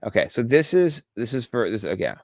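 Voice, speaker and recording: A man's voice: medium pitch, big pitch swings, fast, a little mellow, no echo, studio quality. A man co-hosting a podcast in casual chat, rambling with lots of fillers and easily amused. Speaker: podcast co-host.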